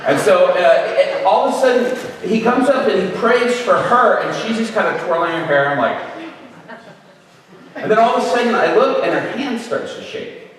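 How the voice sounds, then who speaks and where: Recorded at a distance in an echoing hall, a middle-aged man with a high-pitched voice speaks at a moderate pace. As a guest speaker he relates a funny story in lively fashion, taking on the voices of the people involved.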